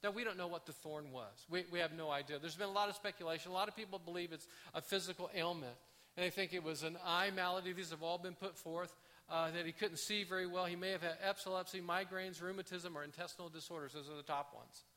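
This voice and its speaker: A man delivers a sermon in a relaxed, conversational way, often stumbling and restarting his phrases. His voice sits high and sounds bright. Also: fast talker. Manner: conversational, animated, with frequent restarts. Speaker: pastor.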